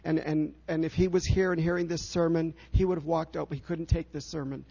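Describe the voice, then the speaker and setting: A man preaching a sermon as pastor, earnest and emphatic, slowing down to stress key phrases. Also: fairly high pitch, flat delivery, gravelly, warm tone, muffled recording.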